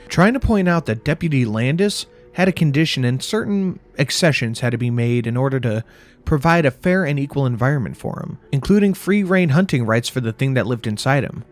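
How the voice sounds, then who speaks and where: A man reads a first-person horror story at a middle pitch, his tone dry and sardonic, with frequent swearing. Faint music runs quietly under the narration. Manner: wry, profane, deadpan storytelling.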